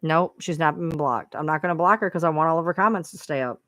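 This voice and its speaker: A woman's voice: deep voice, quick pace, a bit bright, no echo. A woman hosting her own live stream, venting to viewers in a frustrated, profane rant. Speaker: livestream host.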